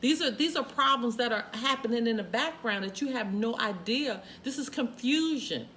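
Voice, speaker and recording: A woman giving a spoken tarot reading, her voice bright and forward. She talks emphatically, repeating her points and breaking into exclamations, with a faint noise under the recording. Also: a little high, moderate pace. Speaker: tarot reader.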